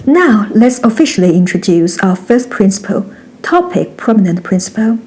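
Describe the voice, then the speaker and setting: A woman giving a scripted grammar lesson, reading each example sentence twice, slowly and precisely. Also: mid-range voice, very animated, loud music behind the voice, poor audio. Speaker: Mandarin teacher.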